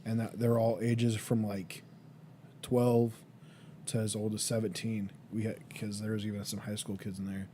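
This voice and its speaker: A man's voice: lowish voice, little pitch movement, moderate pace, dark tone, a little hiss or hum. A young man co-hosting a podcast, chatting casually and telling stories with many fillers and restarts. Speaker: podcast co-host. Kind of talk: casual chat.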